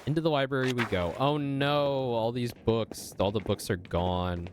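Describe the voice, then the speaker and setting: A man's voice: medium pitch, measured pace, background noise. A man streaming a story game, chatting to himself and reading the game's lines aloud. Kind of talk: casual gameplay commentary, reading dialogue aloud.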